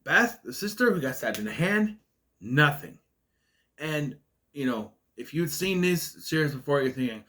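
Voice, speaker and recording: A man's voice: fairly high pitch, big pitch swings, moderate pace, fairly bright tone. A man giving a casual spoken film review in a ranting, nitpicky way, with a stutter that makes him stall on words. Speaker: movie reviewer.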